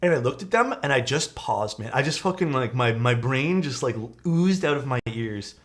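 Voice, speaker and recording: A man's voice: medium pitch, animated, normal speed, a bit bright. Laid-back young man telling stories. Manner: laid-back storytelling, swears often, says "dude" and "man". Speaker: streamer. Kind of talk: casual stream chat. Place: home streaming setup.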